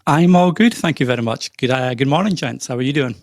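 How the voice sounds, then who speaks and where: Man with a softened Scottish accent. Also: mid-range voice, expressive, fast, no echo, clean studio sound. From Scotland. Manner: friendly, laughs easily. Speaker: guest. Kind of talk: casual chat. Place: live video call podcast.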